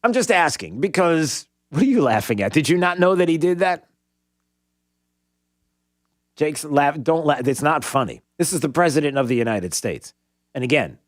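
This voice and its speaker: A male radio talk show host commenting with sarcasm and rhetorical questions in a conversational way. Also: a little high.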